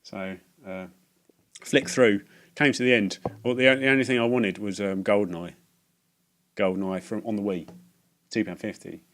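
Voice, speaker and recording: A man telling a rambling, halting anecdote for his video game vlog, often stumbling and repeating himself. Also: fairly even intonation, a bit bright. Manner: rambling, halting, self-mocking, acts out voices in a high falsetto. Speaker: video game collector vlogger.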